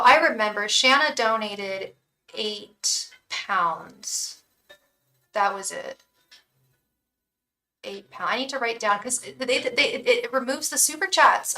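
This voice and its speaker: A woman's voice: a little high, bright, forceful tone, recorded from a distance. A woman reading tarot on a live stream, chatting with viewers, thanking donors by name and chanting invocations to spirit guides.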